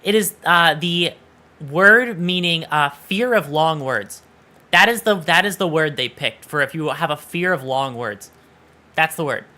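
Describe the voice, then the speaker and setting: Guy streaming, bright punchy voice, kinda high, teasing chat, bit of music behind. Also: measured pace. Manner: playful, teasing, swears casually. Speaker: VTuber streamer. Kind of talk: casual live-stream chat.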